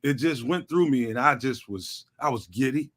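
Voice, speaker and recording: A man's voice: mid-range voice, expressive, normal speed, a bit bright. A man, guest on a sports talk show, talking casually with lots of slang and repeated fillers. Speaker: guest, network founder.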